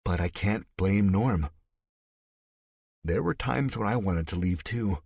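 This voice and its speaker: In a very deep, husky voice, a male narrator delivers a first-person thriller audiobook at a calm, even pace. The sound is close-miked and dry, with no room ambience at all.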